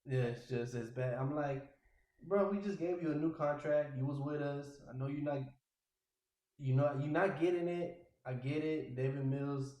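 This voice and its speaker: A man hosting a casual sports podcast, ranting in an exasperated, animated way. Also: fairly high pitch, normal speed, reverberant, rough recording. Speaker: podcast host.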